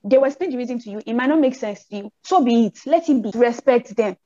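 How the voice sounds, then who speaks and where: A young Nigerian woman with a Nigerian accent chatting casually, telling animated stories and acting out the people she quotes in raised voices. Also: a little high, fast, no echo, highs cut off. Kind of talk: casual chat.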